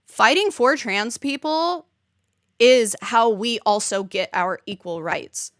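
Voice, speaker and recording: A woman with a high voice co-hosting a podcast, animated and jokey and quick to laugh. The close mic keeps the sound dry. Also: dry recording. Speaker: podcast co-host. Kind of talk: casual chat.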